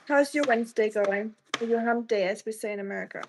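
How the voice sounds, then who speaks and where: Live streaming as she cooks at home, this woman talks a little fast in a voice on the high side, greeting viewers by name and teasing them with jokes in casual chat. Background noise is audible.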